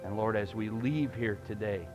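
A man preaching a sermon in a church, emphatic and rising loud, then praying in a hushed voice. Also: lowish voice, moderate pace, soft background music. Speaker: pastor. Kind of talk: sermon and closing prayer. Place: church sanctuary.

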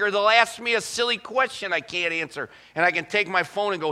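A middle-aged man preaching a sermon as pastor, telling folksy stories and slowing down to quote scripture. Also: high voice, fairly even intonation, sharp tone.

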